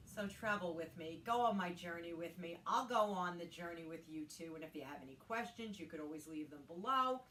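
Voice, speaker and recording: A woman's voice: lowish voice, very animated, a little fast, a bit bright, a little hiss or hum. Chatty woman in her sixties, roomy room. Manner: chatty, candid, talks to her dog between points. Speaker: vlogger. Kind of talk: casual chat to camera. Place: home, doing housework. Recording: roomy sound, mic set at a distance.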